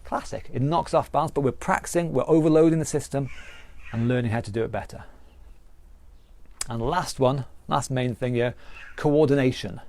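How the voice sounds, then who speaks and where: A man's voice: medium pitch, normal speed, gravelly, darkish tone. A man with a British accent, a fitness instructor explaining training principles in a live online class, earnest and repetitive, with restarts. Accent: British English.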